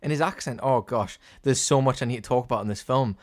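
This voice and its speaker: A man co-hosting a casual podcast chat, blunt and sweary, slipping into quick impressions of other people. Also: mid-range voice, dry recording, clean studio sound. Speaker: podcast co-host.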